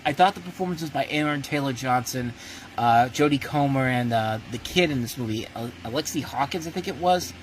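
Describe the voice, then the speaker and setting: A man of middle pitch runs his own review show and talks straight to his listeners in a blunt, ranting way. He stops halfway through phrases and starts them over, and a faint hum of background noise sits under his voice. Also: fairly quick, low-quality recording. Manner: blunt, ranting, many restarts. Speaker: movie reviewer host. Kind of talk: casual spoken movie review.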